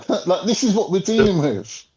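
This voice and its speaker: A man holds forth in a heated, profane rant. His fairly high voice swoops up and down, and it stays mellow and dark in tone. The recording is a bit muffled and lo-fi. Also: lively intonation, normal speed. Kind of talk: casual podcast chat. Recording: slightly muffled lo-fi audio.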